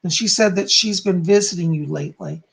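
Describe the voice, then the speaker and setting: A man's voice: sits high, a little fast, vocal fry, fairly bright tone, breathy edge. A man giving live psychic readings, chatting as he answers viewers one by one. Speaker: psychic medium.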